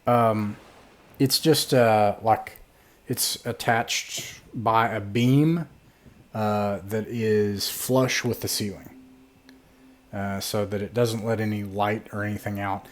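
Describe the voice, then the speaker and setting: A man narrating as game master of a tabletop game, relaxed and full of fillers. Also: on the low side, slow pace.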